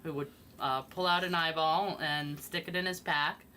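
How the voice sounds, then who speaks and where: A woman's voice: sits low, fairly even intonation, moderate pace, bright, forceful tone, slight background noise. A woman streaming while painting miniatures, chatting casually and rambling with fillers. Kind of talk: casual chat.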